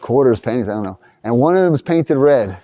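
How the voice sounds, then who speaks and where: A man with a mellow, darker tone teaches a relaxed class discussion in a study hall. His pitch sits in an ordinary middle range. He rambles and restarts his sentences as he thinks aloud. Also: a little fast, muffled recording.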